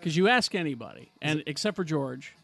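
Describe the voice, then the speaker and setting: A man's voice: on the high side, lively intonation, fairly quick, creaky, fairly bright tone, faint music behind. A man hosting a casual podcast chat about films, steering the talk and swearing freely. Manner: leads the segments, swears casually. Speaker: podcast host.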